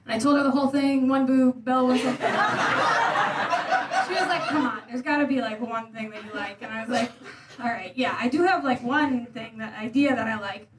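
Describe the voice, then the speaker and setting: A young woman works a comedy club crowd with a high, chatty, self-deprecating delivery. She sounds a little distant in a roomy space, and loud laughter rolls in around her. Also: fairly even intonation, a little fast. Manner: conversational, self-deprecating, jumps into acted quotes. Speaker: stand-up comedian. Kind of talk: stand-up set. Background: audience laughing.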